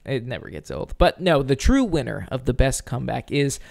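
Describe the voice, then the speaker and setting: A man's voice: mid-range voice, big pitch swings, fairly quick, vocal fry, a little mellow. A man co-hosting a casual podcast, joking and teasing his partner in a playful, dry way. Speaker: co-host.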